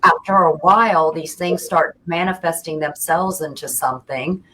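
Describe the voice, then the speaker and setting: Deep-voiced woman chatting earnestly, lots of you-knows, faint hiss. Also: normal speed, sharp tone, low-quality recording. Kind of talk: casual conversation.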